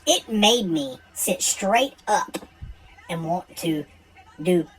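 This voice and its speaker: A man's voice: high-pitched, lively intonation, takes it slowly, fairly bright tone, rough recording. A man telling a true personal story in a casual, blunt and profane way.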